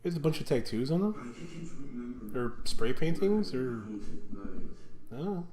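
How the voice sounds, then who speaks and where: A man's voice: mid-range voice, lively intonation, takes it slowly, crowd noise. A man co-hosting a movie commentary podcast, bantering in a teasing, skeptical way. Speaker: podcast co-host.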